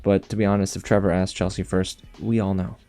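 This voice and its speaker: A man recapping a reality show in casual commentary, animated and sarcastic, with big jumps in pitch on his asides. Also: a little fast. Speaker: TV show reviewer.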